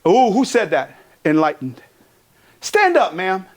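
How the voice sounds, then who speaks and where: High-voiced, cussing keynote speaker. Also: male voice, unhurried. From Pomona, California. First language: Tongan. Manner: energetic, profane, joking with the crowd. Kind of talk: motivational keynote. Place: conference hall.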